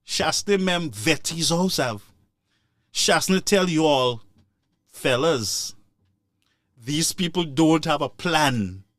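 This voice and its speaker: A man's voice: a little high, expressive, takes it slowly, long pauses, fairly bright tone, no room sound, clean studio sound. A man giving impassioned political commentary, scolding listeners in a repetitive, sarcastic way.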